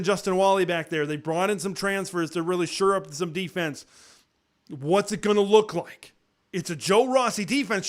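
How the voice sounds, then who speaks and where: A man with a fairly high voice hosts a live college football talk show. He chats off the cuff with fillers and restarts, and his voice leaps up whenever he throws out a rhetorical question. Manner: excitable, pitch jumps high on rhetorical questions; conversational with frequent fillers and restarts. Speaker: sports talk host.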